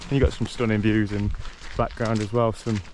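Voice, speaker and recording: A man's voice: lowish voice, flat delivery, normal speed, a little mellow, slight background noise. A man chatting casually as he walks an outdoor trail, easygoing, with frequent ums and restarts. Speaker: vlogger walking a long-distance trail. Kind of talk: casual walking vlog commentary.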